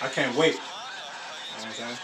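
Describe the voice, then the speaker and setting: A man hosting a sports reaction video, talking in casual slang, laughing often and breaking into loud exclamations. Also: medium pitch, fairly quick, a loud crowd. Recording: echoey room, mic at a distance, faint background hiss.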